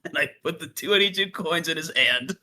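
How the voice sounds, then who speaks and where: Very bright-voiced man playing a tabletop game. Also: on the high side, a little fast. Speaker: player.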